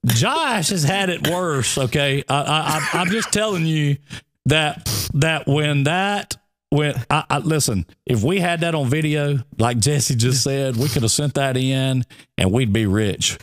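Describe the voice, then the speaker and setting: A man's voice: a little high, measured pace. A man, co-hosting a radio show and telling a long funny story in casual chat, often breaking into laughter. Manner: animated, laughing storyteller with a Southern drawl.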